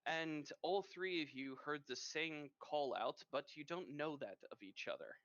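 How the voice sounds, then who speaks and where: A man with a Norwegian accent narrating a tabletop game as game master in a lively storytelling manner. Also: a little high, measured pace, no echo. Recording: muffled lo-fi mic.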